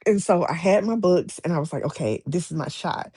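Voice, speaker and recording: Woman novelist guest, animated storyteller, husky tone, dry recording. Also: on the low side, fairly quick, no room sound. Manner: animated, acts out quoted voices, many restarts. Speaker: romance author guest. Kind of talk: casual interview storytelling.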